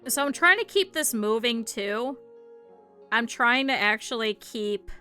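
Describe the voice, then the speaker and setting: A young woman with a Midwestern accent talks casually and rambles as she crafts on a live stream. Her voice is bright and clear, with a middling pitch. Soft music plays faintly underneath. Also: animated, a little slow. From northern Ohio, US. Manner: rambling, chatty, thinks aloud. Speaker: VTuber streamer. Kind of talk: casual chat while crafting.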